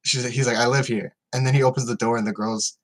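This home podcast co-host talks fast at a medium pitch, his intonation fairly even. His casual chat wanders from story to story, broken up by restarts and laughter.

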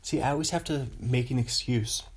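Here a Pacific Northwest man hosts a laid-back podcast monologue, drifting between subjects and laughing quietly at his own remarks. His medium-pitched voice is slightly rough and runs a little fast.

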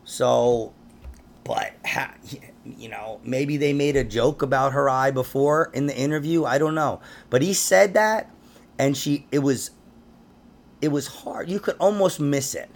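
Gravelly, rambling podcast host. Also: male voice, mid-range voice, a little slow. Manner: rambling, laughs often. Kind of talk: casual conspiracy podcast chat.

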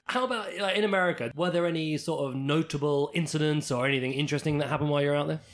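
A male co-host with a fairly high voice asks eager questions and laughs easily. He chats casually with the guest in a small karaoke box. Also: rapid-fire. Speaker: podcast co-host. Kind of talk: casual interview chat.

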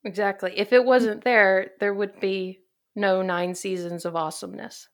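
A woman's voice: mid-range voice, fairly even intonation, normal speed. Upbeat, chatty woman podcast host. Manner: chatty and upbeat, laughs easily. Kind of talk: casual podcast chat.

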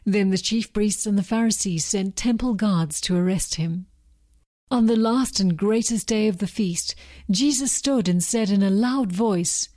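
A woman reading Bible passages aloud in a measured, scripted way. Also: mid-range voice, lively intonation, mellow, no echo. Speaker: scripture reader.

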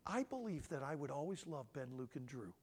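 A man's voice: mid-range voice, big pitch swings, brisk, slightly rough. Emotional male speaker in a reverberant hall. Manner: emotional, swings between loud emphasis and hushed near-whisper. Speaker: conference speaker on parenting. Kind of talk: preaching-style talk.

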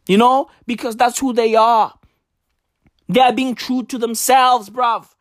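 A woman's voice: on the high side, fairly even intonation, measured pace, no echo, studio quality. A woman hosting a podcast, ranting comically with constant swearing and rhetorical questions. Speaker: podcast host. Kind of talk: profane comedic rant.

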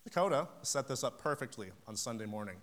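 A male preacher delivering a camp-meeting sermon in a steady mid-range voice. He tells stories with passion and acts out conversations. His delivery swells to sudden emphatic peaks. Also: medium pitch, fast. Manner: storytelling, acting out phone conversations. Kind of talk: sermon with personal story.

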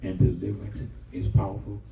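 A man's voice: sits low, completely flat delivery, fairly quick, highs cut off, slight background noise. An older man preaching a sermon as pastor, colloquial and emphatic, with call-and-response lines to the congregation. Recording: echoey room with loud guitar music.

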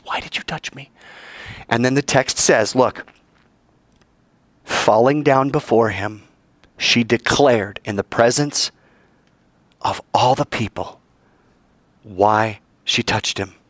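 A male preacher delivering a dramatic sermon, acting out the voices of the story and climbing high in pitch to stress his points. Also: unhurried, long pauses, a bit bright, no room sound. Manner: dramatic, acts out voices and soars in pitch for emphasis.

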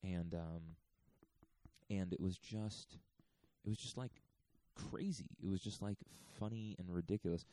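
A man's voice: deep voice, measured pace, warm tone, no echo. A man in his thirties casually telling a story, rambling with lots of fillers. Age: 30s.

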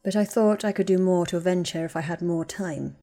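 A woman's voice: lowish voice, brisk, dark tone, close to an everyday voice. A woman voicing a cold, bitter young wizard. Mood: bitter, guarded.

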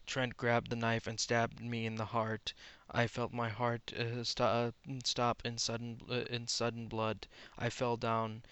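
A man reads a piece of fan fiction aloud in a smooth, clear voice, tripping over words and restarting lines as he goes. His tone stays fairly flat, and the dry sound has no room echo. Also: medium pitch. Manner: halting, stumbling reading with many restarts. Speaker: reader.

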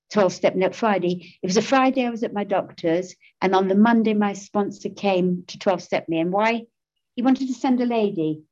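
A woman's voice: medium pitch, darkish tone, dull audio. An older woman, giving a personal testimony about her recovery, self-mocking, emotional and often laughing. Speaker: recovery speaker.

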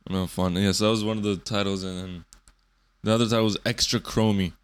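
A man's voice: fairly low pitch, fairly even intonation, fast, smooth. A man in his twenties hosting a solo podcast, rambling loosely and swearing often. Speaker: podcast host.

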